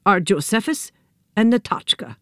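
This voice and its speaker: Lady doing a fancy polite pig gent, slow and proper, in a storybook. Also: medium pitch, lively intonation, fairly bright tone, no echo, studio quality, voice pushed up, natural voice. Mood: ceremonious. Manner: formal and ceremonious. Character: dignified polite male pig with a genius wit.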